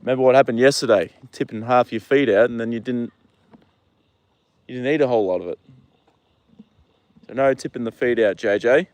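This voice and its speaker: A young man from New Zealand talks casually on a livestream from a horse paddock, his voice sitting at an everyday middle pitch. He is relaxed and chatty, drops the odd swear word, and softens to coo at his horse between viewer comments. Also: fairly quick, long pauses, no room sound.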